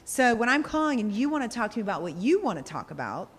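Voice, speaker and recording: A woman sales coach giving a workshop talk, direct and animated, acting out examples to the group. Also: on the high side, quick pace, a little hiss or hum. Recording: echoey hall.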